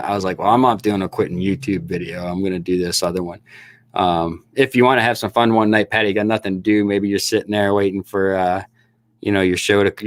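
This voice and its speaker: Snake-breeder livestream host, middle-aged man, low-pitched voice, stammery and chatty, dry home recording. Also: dry recording. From Upper Peninsula of Michigan. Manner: laughing, chatty, stammering restarts. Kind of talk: casual livestream chat with viewers.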